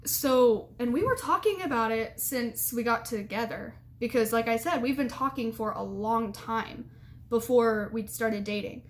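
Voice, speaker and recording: A woman's voice: on the high side, measured pace, slight background noise. A young adult woman giving casual advice to camera, chatty and rambling with lots of fillers and giggles.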